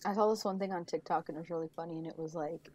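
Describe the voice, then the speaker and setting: A woman co-hosting a podcast in giggly, animated casual chat. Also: lowish voice, very fast, heavy background noise. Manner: giggly, animated, reads lists aloud. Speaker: podcast co-host.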